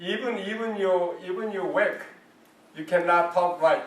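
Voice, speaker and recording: A man's voice: high voice, normal speed, fairly bright tone. A man, a martial arts grandmaster, teaching a health class in broken, emphatic English, asking questions and answering them himself. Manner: emphatic, non-native phrasing, asks and answers his own questions. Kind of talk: class instruction. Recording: roomy sound from a distant mic.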